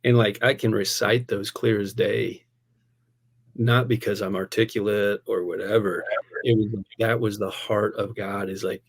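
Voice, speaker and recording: With a husky, fairly low voice and a measured pace, this pastor recounts something personal in a relaxed podcast conversation. He stays animated, laughing a lot and dropping words like "man" and "dude."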